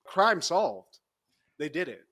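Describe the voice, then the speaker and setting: Man, podcast co-host, casual recap, high voice, acts out lines, laughs a lot. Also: slow. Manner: animated storyteller, acts out lines, laughs often. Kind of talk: casual chat recapping a TV episode.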